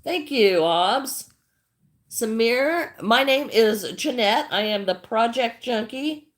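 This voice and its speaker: A woman's voice: a little high, animated, slow. Older woman chatting on a craft livestream. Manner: chatty, greets viewers by name, repeats herself. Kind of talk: casual livestream chat while crocheting.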